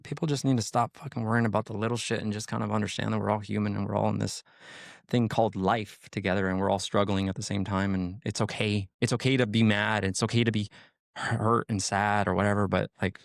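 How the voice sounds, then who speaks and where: A man with a lowish, gravelly voice talks on a podcast in a loose, rambling way. He leans on "like" and "you know" and swears freely. The sound is close and dry. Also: steady tone, fairly quick, dry recording. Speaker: podcast co-host, sheriff's deputy. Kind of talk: casual podcast chat.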